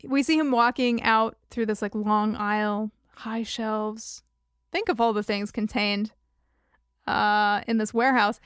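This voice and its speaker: A woman's voice: medium pitch, fairly even intonation, measured pace, clean tone, no room sound. A woman co-hosting a rewatch podcast, recapping the episode with a wry, dry humor. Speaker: podcast co-host. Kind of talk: casual episode recap chat.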